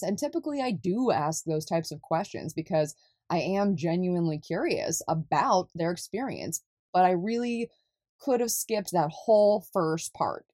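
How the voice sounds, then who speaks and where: Young california woman rambling on her podcast, kinda low voice, super dry close mic, laughs at herself a lot. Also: mellow, dry recording. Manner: chatty, laughs often, self-deprecating. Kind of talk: casual solo podcast monologue.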